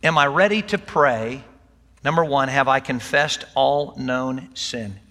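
Slow and somewhat bright, with a medium pitch, an older man delivers a sermon as pastor to his congregation. The tone is folksy and conversational with bits of light humor, recorded amid the long hall reverb of a church sanctuary.

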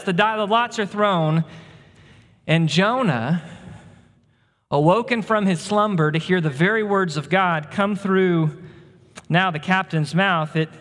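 Guy giving a sermon, pretty high voice, walks through the bible story like he's setting a scene. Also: fairly bright tone, in a large hall. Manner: expository preaching, retelling scripture with vivid scene-setting. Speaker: pastor.

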